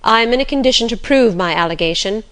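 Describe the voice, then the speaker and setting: A woman voicing a calm male lawyer who speaks each word distinctly and steadily. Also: fairly high pitch, quick pace. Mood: firm.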